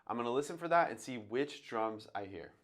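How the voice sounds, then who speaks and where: A man's voice: mid-range voice, animated, fairly quick. A man teaching drums in a casual, step-by-step way, thinking aloud and singing drum sounds as he goes. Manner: talks through his thinking, sings drum sounds aloud. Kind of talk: casual instructional talk.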